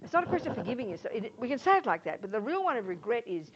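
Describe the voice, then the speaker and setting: A woman's voice: a little high, big pitch swings, very fast, hardly any pauses. A Buddhist nun teaching a class in an informal, emphatic way, often acting out little scenes as she explains. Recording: dull lo-fi sound, faint noise.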